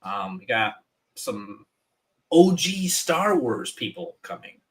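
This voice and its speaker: Animated man chatting on a livestream. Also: medium pitch, slow. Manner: animated, stumbling restarts. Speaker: guest artist. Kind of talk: casual livestream chat.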